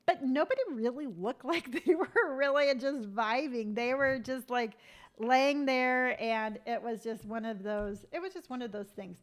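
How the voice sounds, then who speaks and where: A middle-aged woman with a somewhat high voice chats casually on a live stream. She tells loose, rambling stories full of fillers. She breaks off to answer viewer comments. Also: unhurried. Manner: chatty, rambling storytelling with many fillers; reads viewer comments aloud and answers them. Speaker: lifestyle vlogger hosting a live stream.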